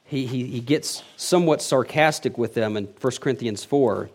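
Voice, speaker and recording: A man's voice: medium pitch, moderate pace. A man preaching an expository sermon, reading verses aloud and explaining them with emphatic swells and frequent restarts. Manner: emphatic, rising and falling in loudness, self-correcting restarts. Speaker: pastor.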